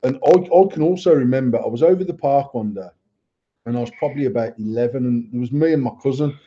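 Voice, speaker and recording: British bloke rattling off a story, dark husky voice, a bit dull and lo-fi. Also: male voice, mid-range voice. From England. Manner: quick, sweary, blunt. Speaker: podcast co-host. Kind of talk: casual storytelling.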